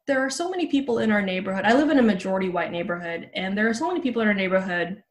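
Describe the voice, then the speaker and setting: A woman's voice: mid-range voice, lively intonation, rapid-fire. A woman in her thirties shares a personal story as a guest on an interview show, candid and conversational. She leans on casual fillers as she goes. Her voice comes through a remote call setup. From Los Angeles. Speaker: podcast guest, journalist.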